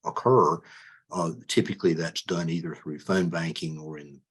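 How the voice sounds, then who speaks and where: Deep husky man, halting careful speech. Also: fairly even intonation. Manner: measured, often stumbles and repeats words. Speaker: judicial candidate. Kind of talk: interview answers.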